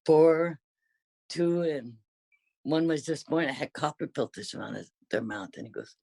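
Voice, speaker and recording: A woman's voice: a bass voice, animated, moderate pace, gravelly, darkish tone, slightly rough, no room sound. An older woman casually reminiscing in conversation, rambling and often correcting herself mid-sentence. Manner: rambling, self-correcting storyteller.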